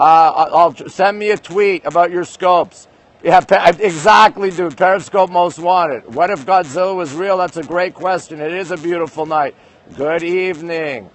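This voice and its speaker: A man from Canada hosting a casual phone livestream outdoors at night, chatting and greeting viewers by name. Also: a little high. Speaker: livestream host. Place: outdoors at night overlooking city skyline.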